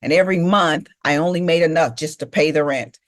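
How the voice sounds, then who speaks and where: A woman's voice: deep voice, brisk. A middle-aged woman giving a motivational speech, telling her life story emphatically and speaking straight to the audience. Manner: emphatic, repeats key phrases, addresses audience directly.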